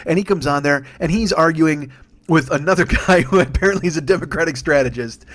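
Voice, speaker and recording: A male comedian in his forties delivers a furious, profanity-laced rant, riffing freely from one jab to the next. His speaking voice sits slightly higher than most men's. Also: fairly quick, fairly bright tone. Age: 40s. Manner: angry, sweary, riffing. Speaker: comedian podcast host.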